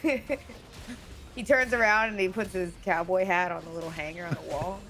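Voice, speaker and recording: A woman's voice: fairly low pitch, normal speed. A young woman chatting casually on a gaming stream, laughing often as she improvises a silly story. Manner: giggly, animated storyteller. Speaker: streamer's guest player.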